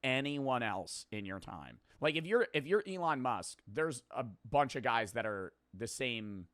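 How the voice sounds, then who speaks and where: A man's voice: medium pitch, sing-song, measured pace, fairly bright tone, no echo. A man hosting a video reaction, rambling casually, swearing freely and laughing at himself. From United States.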